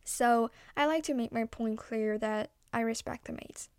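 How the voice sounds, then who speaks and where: Young woman storyteller, casual and digressive; slightly high voice, dry close mic. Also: a little slow, few pauses, darkish tone, clear, resonant tone, no echo. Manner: chatty, self-interrupting, playful.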